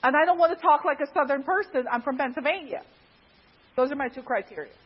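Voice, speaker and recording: A woman from Guyana casually telling a personal story in a chatty way, laughing often, on a dull lo-fi recording. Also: fast. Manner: chatty, laughs often, animated pitch jumps.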